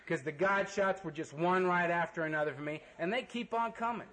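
A man's voice: high voice, a little fast, pushed and bright, rough recording. A man giving a blunt, joking and earnest personal testimony as the speaker at a recovery meeting, swearing casually. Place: meeting room full of people.

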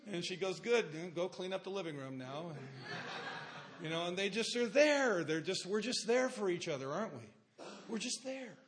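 A middle-aged man telling his life story to a recovery meeting, plain-spoken, with dry dark humor and rhetorical questions to the listeners. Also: high-pitched.

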